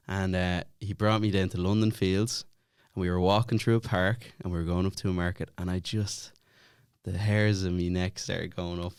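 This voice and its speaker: A man's voice: low-pitched, fairly quick, smooth, dry recording, studio quality. An Irish man chatting as a podcast guest, laughing and swearing a lot as he tells stories. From Ireland. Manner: laughing, swearing, animated storytelling. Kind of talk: casual chat.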